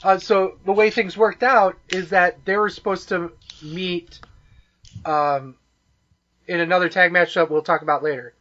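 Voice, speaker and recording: High, bright man explaining backstory. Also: fairly even intonation, unhurried, dull audio, a little hiss or hum. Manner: explains backstory with fillers and restarts, swears casually. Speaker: podcast co-host. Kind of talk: casual chat watching wrestling.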